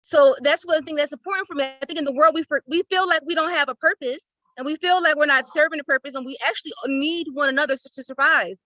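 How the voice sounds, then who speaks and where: A woman's voice: high-pitched, fairly even intonation, fast talker, few pauses, sharp tone, dry recording, rough recording. A woman on a video call giving a heartfelt, tearful testimony of gratitude, effusive and emotional. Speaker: participant in an online class. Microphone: laptop or phone on a video call.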